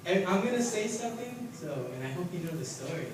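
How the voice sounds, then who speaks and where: A man leading a church youth game on stage, energetic and joking, laughing often. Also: high-pitched, fast talker. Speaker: youth leader running a game. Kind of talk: live church youth talk. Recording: echoey hall, distant mic, loud crowd.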